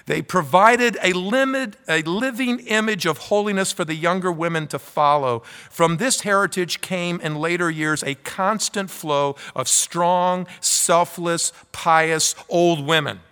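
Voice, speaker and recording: A man's voice: a little high, bright, forceful tone, clear, resonant tone, long reverb tail. A man preaching a sermon from the pulpit, earnestly reading aloud from a quoted article. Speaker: pastor. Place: church sanctuary.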